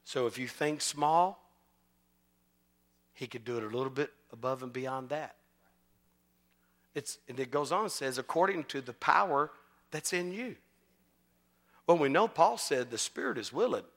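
A man preaching a storytelling sermon as pastor, animated and joking, acting out quotes. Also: medium pitch, moderate pace, long pauses.

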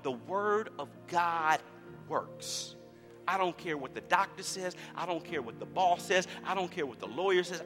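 Middle-aged guy preaching in a church, high bright voice, hall echo and soft music under. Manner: builds from conversational to shouting preaching. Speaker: pastor. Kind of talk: sermon. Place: church sanctuary.

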